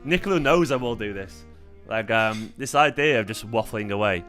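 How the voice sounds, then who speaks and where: Tired-sounding guy rambling on a chill stream, bright voice, bit of guitar music quietly behind. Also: fairly low pitch, fairly quick, hardly any pauses. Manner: rambling, laid-back, chatty with fillers. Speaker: fan channel host. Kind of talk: casual livestream chat.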